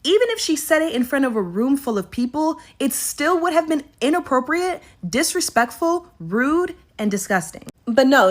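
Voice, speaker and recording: A woman in casual reaction commentary, indignant throughout. She swears freely and piles up one rhetorical question after another. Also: high voice.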